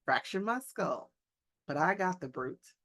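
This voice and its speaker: A woman's voice: on the low side, expressive, unhurried, fairly bright tone, full character voice. A woman reading aloud as a suave aristocratic male general, a polite and formal host. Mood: courteous.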